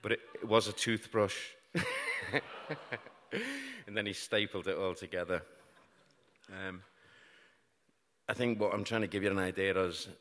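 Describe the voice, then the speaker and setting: A middle-aged British man with a low voice tells a true story on stage, mixing dark events with dry, self-mocking jokes. His voice carries a long reverb from the hall he speaks in. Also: fairly even intonation, unhurried, long pauses. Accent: British English. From Britain. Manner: wry, self-mocking humour about grim events. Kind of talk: live storytelling talk. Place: large hall before an audience.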